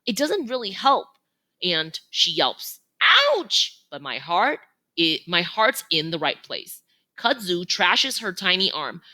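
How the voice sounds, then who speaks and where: Bright, animated woman reading a children's book. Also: lowish voice, unhurried. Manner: expressive, animated. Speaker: reader. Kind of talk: reading a children's novel aloud.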